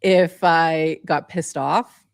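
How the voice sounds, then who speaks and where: A woman's voice: low-pitched, fairly even intonation, very slow, vocal fry, dry recording, studio quality. A woman from southeastern Massachusetts co-hosting a podcast in casual chat, rambling and chatty with lots of fillers. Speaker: co-host.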